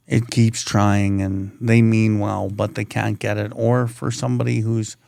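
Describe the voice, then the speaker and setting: A man's voice: on the low side, flat delivery, measured pace, gravelly, darkish tone, no room sound. A man hosting a recovery podcast in laid-back casual chat, calling his guest bro. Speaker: podcast host.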